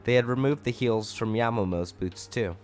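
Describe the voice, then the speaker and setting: Male storyteller, mid pitch, casual fanfic reading with wry asides. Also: moderate pace, faint music behind. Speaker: fanfic narrator.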